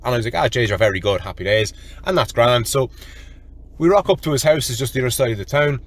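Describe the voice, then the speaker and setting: An Irish man hosting a solo podcast, telling a story in an animated, profane way and calling his listeners lads. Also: medium pitch, fast talker. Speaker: podcast host.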